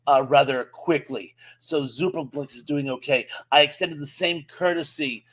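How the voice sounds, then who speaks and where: Chatty higher-voiced Southern man. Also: moderate pace, fairly bright tone. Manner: reads out chat greetings, friendly and chatty. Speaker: co-host of live stream. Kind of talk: casual live-stream chat.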